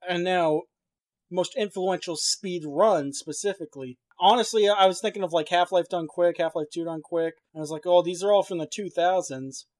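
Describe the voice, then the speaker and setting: A man's voice: sits high, normal speed, darkish tone, dry recording. A man chatting casually as a podcast co-host, rambling and cursing with lots of fillers and restarts. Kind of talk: casual chat.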